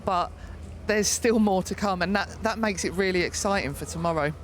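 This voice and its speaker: A woman pundit weighs up the contest in a measured voice. She sometimes stalls and restarts as she builds her point. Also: medium pitch, slight background noise. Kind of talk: studio punditry.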